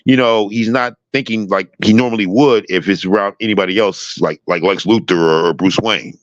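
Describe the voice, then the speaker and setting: A show host chats casually about a TV show, rambling with enthusiasm and restarting his sentences often. His voice is on the low side at a moderate pace, recorded without echo on a slightly dull lo-fi mic.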